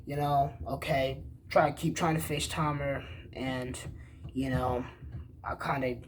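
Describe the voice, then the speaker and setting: This young man's mid-range voice moves at a measured pace, with a little hiss or hum in the recording. He's casually recounting a story, swearing plenty and performing both sides of the dialogue in an animated, profane way.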